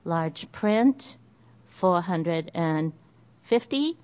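A woman's voice: lowish voice, lively intonation, extremely slow, a little mellow. A woman with a Boston accent carefully reading budget figures aloud at a meeting, with small hesitations.

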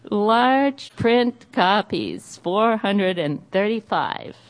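A woman's voice: on the low side, slow, darkish tone. A woman with a Boston accent carefully reading budget figures aloud at a meeting, with small hesitations.

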